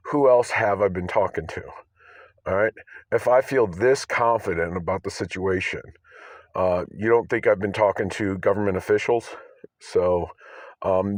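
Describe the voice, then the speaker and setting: Man, rambling vlog monologue, low voice, insistent, dead dry sound. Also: no echo. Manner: agitated, insistent, keeps asking "all right?". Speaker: vlogger. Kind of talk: rambling self-filmed monologue. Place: outdoors by his car.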